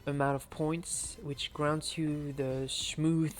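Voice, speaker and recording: Wolno mówiący mężczyzna z francuskim akcentem. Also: male voice, fairly high pitch, little pitch movement, slow. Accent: French. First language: French. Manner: chatty, laughs often, thinks aloud. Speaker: speedrunner streamer. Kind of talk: casual live-stream commentary.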